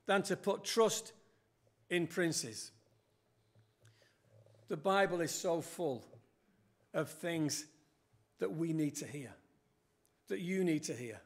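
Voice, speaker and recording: A man's voice: a little high, expressive, slow pace, pauses often. An older man preaching a sermon in a church, earnest and quoting scripture with rising emphasis.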